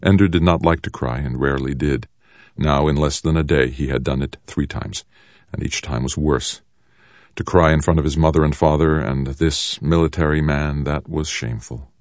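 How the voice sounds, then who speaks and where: A man reading a novel aloud as an audiobook narrator, low and even. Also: normal speed, dry recording, studio quality. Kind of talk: scripted narration.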